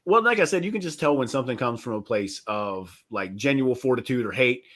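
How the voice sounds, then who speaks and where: A man's voice: mid-range voice, lively intonation, fairly quick, background noise. A man from West Virginia, a stand-up comedian, talking casually on a podcast in a rambling, profane way with lots of fillers.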